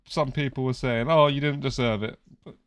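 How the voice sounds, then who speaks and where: A man's voice: mid-range voice, fairly even intonation, fairly quick, no echo. A young British man chatting casually while playing a game, teasing and swearing freely. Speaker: streamer. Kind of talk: casual gaming chat.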